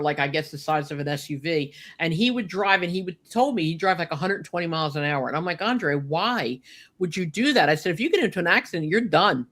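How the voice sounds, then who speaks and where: A woman telling a personal story with deep feeling, choked up, with lots of "you know" and "like". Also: fairly bright tone. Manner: heartfelt, many fillers like "you know" and "like". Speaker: guest recalling a friend.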